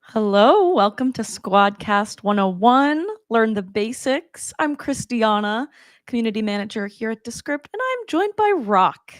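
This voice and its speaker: A woman's voice: a little high, sing-song, unhurried, no echo. Woman, webinar host, upbeat and friendly, dry close sound, video call. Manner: upbeat, friendly, with frequent "um" fillers. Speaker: community manager, webinar host. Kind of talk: live webinar presentation.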